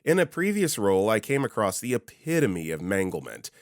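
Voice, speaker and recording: A man with a low-pitched voice and a lively, rising-and-falling delivery reads an online story aloud in a wry way. The recording is close and dry, with no room sound. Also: a little fast, dry recording. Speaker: story narrator. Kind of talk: reading a Reddit story aloud.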